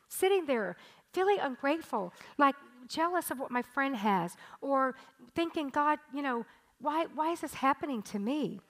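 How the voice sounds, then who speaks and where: High-voiced woman pastor in her sixties. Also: normal speed, poor audio. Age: 60s. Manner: animated, emphatic preaching with rising intensity. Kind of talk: sermon. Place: church stage.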